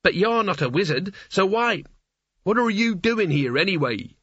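A man's voice: high-pitched, animated, moderate pace, a bit bright, breathy edge, no echo, dull audio, voice pushed up, exaggerated voice. A man voicing a flustered, fussy male wizard who rambles anxiously.

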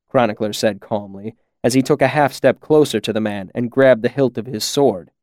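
A male audiobook narrator delivers scripted narration with a measured, expressive touch. His voice is medium in pitch, captured in clean studio sound without any room noise.

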